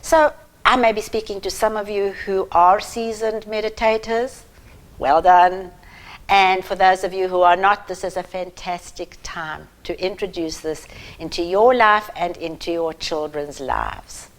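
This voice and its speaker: A middle-aged woman giving a deliberate, emphatic talk to parents, pausing between phrases. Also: mid-range voice, steady tone, rough recording. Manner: measured and emphatic, with long pauses between phrases. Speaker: parenting educator.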